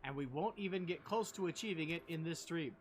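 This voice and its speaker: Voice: medium pitch, brisk, slight background noise. A game streamer giving casual, joking commentary with plenty of swearing and self-deprecating asides.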